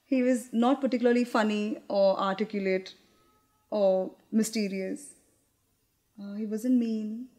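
A young actress performing a theatrical monologue in a candid, confiding, wry manner, with hesitant restarts. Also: female voice, medium pitch, steady tone, a little slow, darkish tone.

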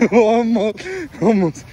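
A man's voice: high voice, drawn-out words, noisy background. A man in his thirties filming a casual family vlog while playing soccer outdoors with his kids on his phone, laughing often, teasing them, and out of breath. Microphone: phone held while playing.

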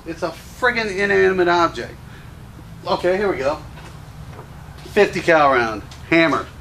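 Gun shop owner, male, high-pitched, combative and profane on-camera rant. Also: a bit bright, slight background noise. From Louisiana. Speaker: gun store owner and show host. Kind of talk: ranting commentary to camera.

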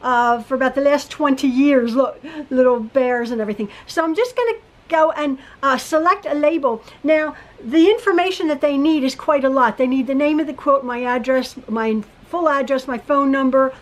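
Woman quilting teacher, high voice, chatty and rambling, home sewing room. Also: normal speed, rough recording. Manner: chatty, rambling, with frequent restarts and fillers. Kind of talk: casual tutorial chat.

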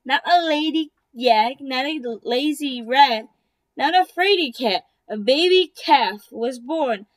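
A woman voicing an excitable, gossipy hen in a read-aloud storybook, exclaiming indignantly. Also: high voice, takes it slowly, no echo. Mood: insistent.

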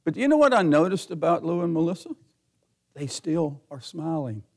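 Folksy high-voiced gravelly preacher. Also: male voice, sing-song, moderate pace. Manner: folksy, laughs often, builds to near-shouting. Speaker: pastor. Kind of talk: sermon.

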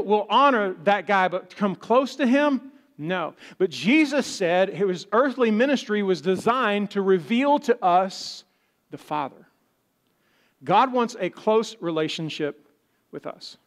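A pastor delivers his sermon in a high, light voice for a man. He preaches in a conversational way and slips into the voices of doubters to make his point. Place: church.

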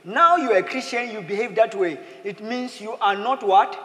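A man preaching a sermon as pastor, in a lively manner, slipping into playful acted quotes. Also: high-pitched, normal speed. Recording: echoey hall with faint ambience.

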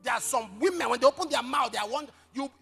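A male pastor preaching a sermon, emphatic, with sudden shouted lines and questions thrown to the congregation. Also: very high voice, quick pace, gravelly, slightly rough, soft background music.

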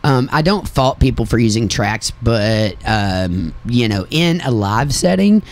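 A man's voice: mid-range voice, animated, unhurried. A man from Kentucky with a slight country accent, hosting a radio interview in a blunt, chatty way and laughing often. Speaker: radio interview host and musician. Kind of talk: casual interview chat.

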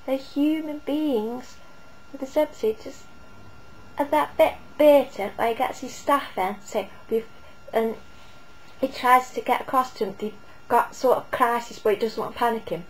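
A woman's voice: high voice, moderate pace, low-quality recording. A woman giving a casual, rambling spoken review, often hesitating and restarting.

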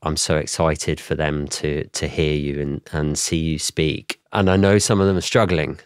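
A man hosting a podcast interview, earnest and gently emotional. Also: very deep voice, steady tone, normal speed, smooth, no room sound, clean studio sound. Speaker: podcast host.

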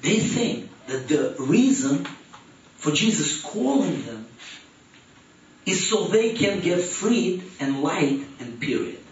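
High-voiced preaching man in an echoey hall. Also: sing-song, takes it slowly, slight background noise. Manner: preaching with rising emphatic questions and soft drops. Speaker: youth pastor. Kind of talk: sermon. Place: church hall. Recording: echoey, distant, dull church room recording.

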